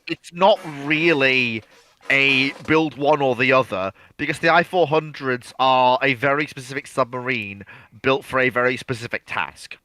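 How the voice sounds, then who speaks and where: A male co-host explains things earnestly in a bright voice, recorded dry and close. He repeats his opening words before settling into each point. He speaks at a middling pitch. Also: normal speed, no room sound, poor audio. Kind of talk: casual live Q&A chat.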